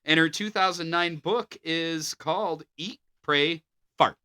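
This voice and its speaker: Man, podcast co-host, slightly high voice, very bright tone, amused reading. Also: slow, clean tone. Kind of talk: reading notes in casual podcast chat.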